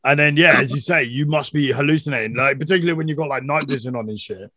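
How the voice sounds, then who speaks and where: A man's voice: mid-range voice, quick pace, bright, forceful tone, dry recording. A young man hosting a podcast, asking rambling, sweary questions and laughing easily. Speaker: podcast host. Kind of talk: casual interview chat.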